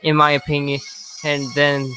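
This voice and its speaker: A man's voice: a little high, monotone, normal speed, bright, forceful tone, soft background music. A man hosting a reaction video, chatting casually into a handheld mic, rambling and restarting his sentences. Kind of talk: casual commentary. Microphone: handheld microphone.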